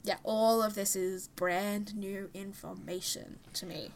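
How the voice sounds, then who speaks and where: A woman co-hosting a podcast in casual chat, with a high, girlish voice and a chatty, laughing manner. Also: steady tone, measured pace. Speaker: podcast co-host.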